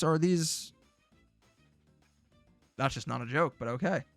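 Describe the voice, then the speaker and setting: A man's voice: on the high side, unhurried, creaky, soft background music. A man streaming casually, reacting to old predictions with jokey, sarcastic remarks.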